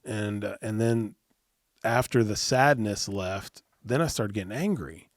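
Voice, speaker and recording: A man's voice: lowish voice, unhurried, dry recording, studio quality. Earnest man telling a personal story. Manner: earnest, frequent restarts and repeated words. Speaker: podcast guest, youth minister. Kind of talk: personal storytelling in a casual interview.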